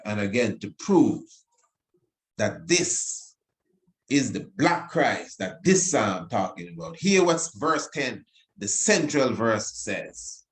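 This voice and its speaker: A man teaching the Bible on the radio, emotional, repeating phrases and reading scripture slowly with emphasis. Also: fairly low pitch, big pitch swings.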